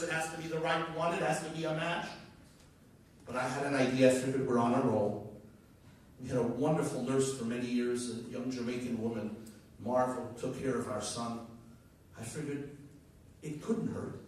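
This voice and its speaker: Male rabbi, gala keynote, animated storyteller, distant echoey hall. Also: a little high. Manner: animated storytelling, rising emphasis. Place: large banquet hall.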